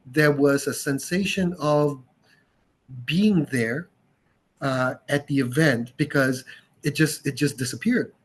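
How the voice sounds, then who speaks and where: A man from Canada, a guest on a podcast, calmly recalling how he first got into audio equipment. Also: medium pitch, takes it slowly, breathy edge. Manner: reflective, thoughtful explanations. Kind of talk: casual interview chat.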